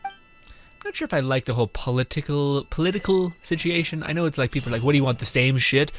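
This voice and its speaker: A young male streamer reacting to a video game with a slightly raised voice. He is sarcastic and profane and laughs a lot, with soft game music behind him. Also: fairly high pitch, very animated, a little fast. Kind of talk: game commentary.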